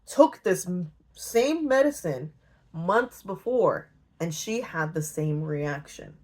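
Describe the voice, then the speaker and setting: A woman casually retelling a novel, slangy and joking, briefly acting out the characters' lines in quick voices. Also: fairly low pitch. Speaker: book retelling video host. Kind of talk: casual comedic story retelling.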